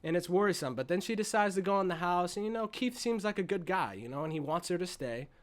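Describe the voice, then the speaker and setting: A man giving a casual, excited movie review, profane and swinging between loud bursts and hushed asides. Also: high-pitched, fast talker.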